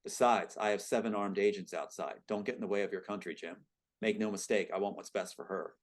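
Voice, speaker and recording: A cold, scheming government agent making quiet threats, read aloud by a man from his own screenplay. The delivery stays calm and menacing, in a fairly low voice. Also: a little fast, lightly acted.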